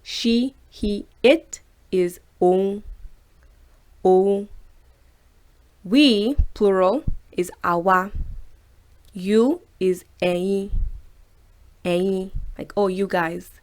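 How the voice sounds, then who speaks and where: A woman hosting a casual video language lesson. She slows down to say each word twice so learners can copy it, then chats loosely with fillers between examples. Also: medium pitch, a little mellow. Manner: slows down and repeats each word to model pronunciation; chatty, with fillers. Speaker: language teacher and host.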